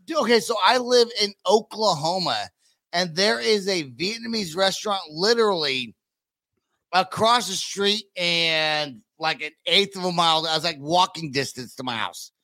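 A man hosting a podcast, chatting casually with excitable, profane rambling and lots of fillers. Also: sits high, normal speed, no room sound. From United States. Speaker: podcast host.

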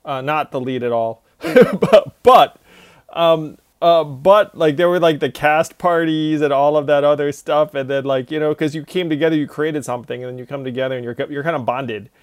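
A man's voice: on the high side, brisk, hardly any pauses, clean tone, no echo. Chatty male host in a dry room. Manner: chatty, relaxed, laughs along. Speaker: interview host. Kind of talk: casual interview conversation.

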